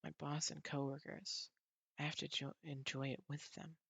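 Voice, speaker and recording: A man voicing a tired young office woman with a soft, whispery voice, reading a comic aloud. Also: fairly high pitch, little pitch movement, normal speed, vocal fry, husky, no room sound, full character voice. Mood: weary.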